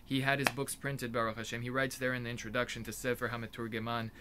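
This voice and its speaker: A man's voice: mid-range voice, little pitch movement, fast talker, background noise. A man giving an informal explanatory talk as a religious teacher, earnest and emphatic, often restarting his sentences mid-thought.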